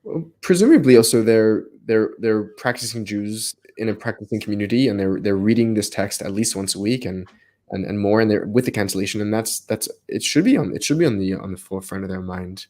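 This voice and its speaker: A man's voice: lowish voice, a little fast, darkish tone. A man co-hosting a live text study, talking with energy and restarting phrases as his ideas build. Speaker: co-host of a text study livestream. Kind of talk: animated live study discussion.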